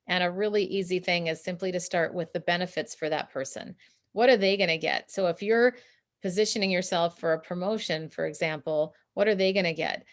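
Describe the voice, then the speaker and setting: A woman guest on a video call, giving coaching advice in an interview and laughing often as she explains. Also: fairly low pitch. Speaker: guest, communication consultant.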